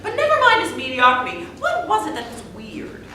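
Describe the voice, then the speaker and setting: A woman acting out a prim, snooty socialite whose high, bright voice swoops widely. She sounds far off in a very echoey room. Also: huge pitch swings, fairly quick, a little hiss or hum, heavily acted. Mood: haughty. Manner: haughty, affected upper-class manner. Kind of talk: stage acting in a reading.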